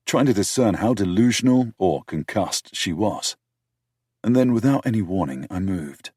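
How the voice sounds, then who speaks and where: A male audiobook narrator with a very deep, husky voice reads a first-person romance in a dry, measured way, dropping wry asides. His delivery rises and falls with plenty of lively melody, and the close studio recording sounds completely dry. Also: no room sound.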